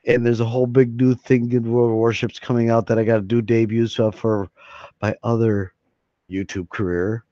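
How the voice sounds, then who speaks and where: A man's voice: mid-range voice, little pitch movement, normal speed, dark tone, no echo. A man hosting a live-stream hangout, chatting casually and rambling, often laughing and swearing. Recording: dry, slightly dull lo-fi sound.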